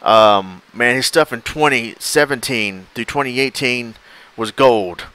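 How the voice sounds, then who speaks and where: Bright-voiced enthusiastic man chatting. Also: mid-range voice, a little slow, clean tone. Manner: enthusiastic, rambling, acts out clips. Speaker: podcast co-host. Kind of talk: casual chat.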